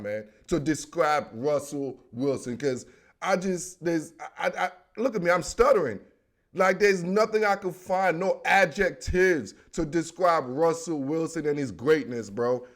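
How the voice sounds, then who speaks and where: A young man giving a solo football recap, talking in excitable, joking slang. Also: fairly high pitch. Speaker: sports commentator.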